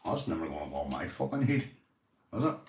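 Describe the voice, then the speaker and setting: A man's voice: deep voice, sing-song, quick pace, a little mellow, slight background noise. A Northern Irish man in casual vlog chat, rambling and swearing, often saying "you know". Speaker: vlogger, police auditor. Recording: roomy, from a distance.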